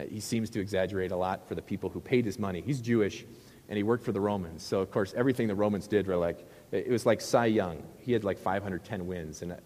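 A man's voice: fairly low pitch, darkish tone, long reverb tail. A middle-aged male pastor preaching a sermon in a conversational, joking way, with rhetorical questions to the crowd.

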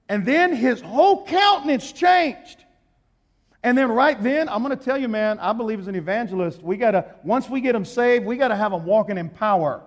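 A man preaching as an evangelist, telling a story and repeating his key points with emphasis, swinging between hushed and loud. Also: high-pitched, lively intonation, moderate pace. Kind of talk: sermon with story. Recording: hall reverb.

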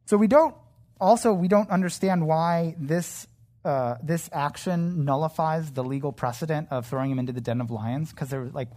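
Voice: medium pitch, normal speed, warm tone. A Bible teacher giving a casual verse-by-verse sermon, talking conversationally with frequent fillers and restarts.

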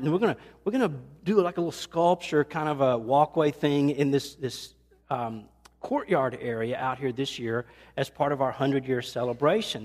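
Earnest preacher with a slightly high voice. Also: male voice, long reverb tail. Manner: earnest, conversational, acts out quotes with rising pitch. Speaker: pastor. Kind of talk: sermon. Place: church sanctuary.

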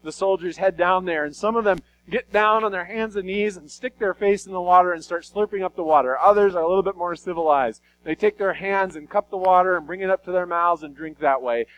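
A man preaching a sermon, retelling Bible stories in an animated, conversational way. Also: high-pitched, fairly quick, hardly any pauses, low-quality recording. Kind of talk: sermon storytelling.

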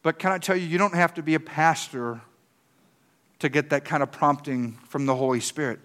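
A man's voice: on the high side, moderate pace, a bit bright. Impassioned male pastor preaching. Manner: impassioned, repeats words, asks the crowd questions. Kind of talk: sermon.

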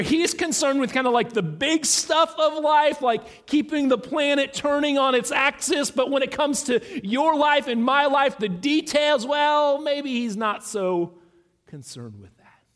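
A man preaching as pastor, earnest and halting, with many fillers and restarts. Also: very high-pitched, lively intonation, fairly bright tone. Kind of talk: sermon. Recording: long reverb in a large hall.

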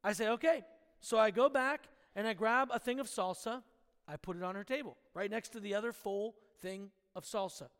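A male pastor from Pennsylvania with a very high voice, preaching a Sunday sermon and leading prayer. He tells stories in a lively way and keeps checking in with the congregation. His voice rings with a long reverb through a church hall. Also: brisk, smooth. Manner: storytelling, lively, asks the congregation for agreement. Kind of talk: sermon with opening prayer and story. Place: church sanctuary.

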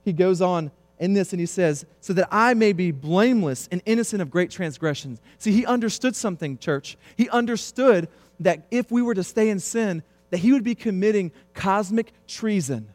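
A man in his thirties preaching a sermon, swinging between quiet, low stretches and loud, emphatic passages. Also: animated, moderate pace, hardly any pauses, dry recording. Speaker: pastor.

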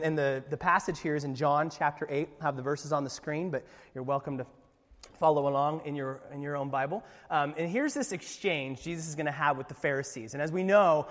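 A pastor with a high, bright voice delivers his sermon in a casual, animated way, full of lively asides. The long reverb of a large hall hangs behind every word.

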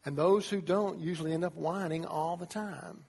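A man preaching a sermon to young people as a youth pastor, animated, acting out voices as he tells the story. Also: a little high, normal speed, creaky, husky. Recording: long reverb of a large hall.

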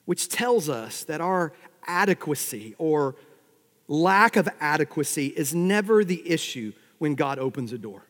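Male pastor, sermon, fairly high voice, swells loud then drops quiet, wry humor, long hall reverb. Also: measured pace. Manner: animated preaching with sudden swells and drops in loudness, wry humor.

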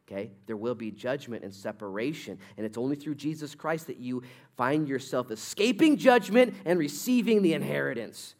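A man delivers a church sermon from the pulpit. He tells stories with energy, rising to loud bursts and dropping low and quiet to make his points. His voice sits at an ordinary middle pitch. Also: moderate pace. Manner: lively storytelling, swings from loud to quiet. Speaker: pastor.

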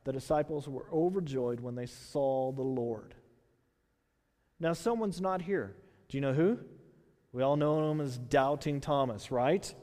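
A man from Texas with a Texan accent preaching a sermon, conversational and animated, full of rhetorical questions. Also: mid-range voice, unhurried. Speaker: pastor. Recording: long hall reverb.

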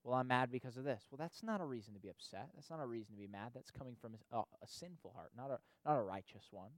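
An expressive, fast-talking man with a mid-range, slightly mellow voice delivers a conversational sermon without echo. Probably a pastor or youth leader, he keeps asking "right?" and repeats himself for emphasis.

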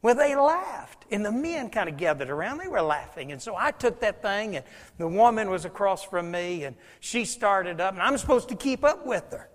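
High-voiced preacher in a reverberant hall. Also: male voice, moderate pace. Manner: animated storytelling, swings from loud to hushed. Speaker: pastor. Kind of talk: sermon.

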